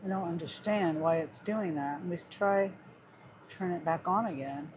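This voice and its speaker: Talking to viewers in a casual vlog, a gig delivery driver sighs and grumbles in frustration at a glitching phone. The voice has a medium pitch and moderate pace, with background noise.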